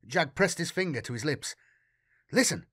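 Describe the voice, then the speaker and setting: A man reads a dark science-fiction audiobook with lively, animated pitch movement and a steady storytelling pace. The recording is dry and close, with no room sound. He sounds engaged in the story, mid-pitched. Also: normal speed, no echo. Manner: expressive storytelling reading. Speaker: audiobook narrator. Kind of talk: scripted narration.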